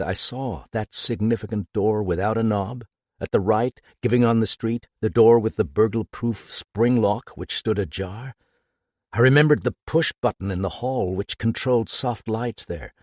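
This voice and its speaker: A man narrating an audiobook with expressive storytelling. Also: fairly low pitch, breathy edge, no room sound, clean studio sound. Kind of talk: scripted narration.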